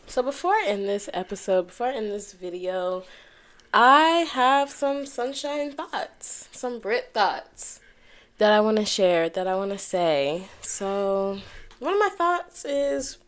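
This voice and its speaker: Young woman, solo podcast host, candid and casual, swears freely, headphones and mic, mid-pitched voice. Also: expressive, slow. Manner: candid, swears freely, says y'all a lot. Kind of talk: casual solo talk to camera. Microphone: headphones and microphone.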